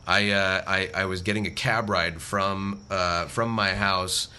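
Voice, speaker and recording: A man, a guest voice actor, telling stories in casual podcast chat, animated and full of quick restarts. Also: sits low, smooth. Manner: animated storyteller with frequent restarts.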